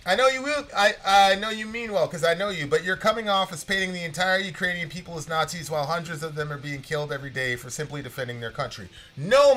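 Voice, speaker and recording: A man in his thirties talks through the news as a podcast co-host. His voice is bright and forceful and sits a little high, and he pushes hard on his points, rambling and restarting as he goes. Soft guitar music plays behind him. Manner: animated, emphatic, rambling with restarts. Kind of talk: casual political commentary.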